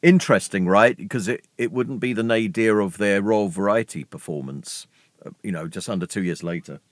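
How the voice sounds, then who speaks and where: A man with a notably deep voice chats on a podcast in a relaxed, eager way, often tossing in "right?" to check in. The sound is dry and close, with no room in it. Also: normal speed, no room sound. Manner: enthusiastic, conversational, tags points with "right?". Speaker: podcast co-host. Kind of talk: casual music history chat.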